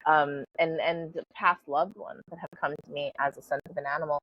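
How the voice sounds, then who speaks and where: Husky low-voiced woman telling a story. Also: steady tone, brisk, dry recording. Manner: chatty, full of "like" and "you know", laughs easily. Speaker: podcast guest, spiritual coach. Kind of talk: casual storytelling in an interview. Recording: slightly dull lo-fi sound.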